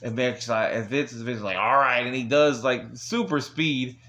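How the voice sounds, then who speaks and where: A man's voice: medium pitch, normal speed, fairly bright tone. A man recapping an old wrestling episode in a rambling, casual way with chuckling asides. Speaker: wrestling show reviewer.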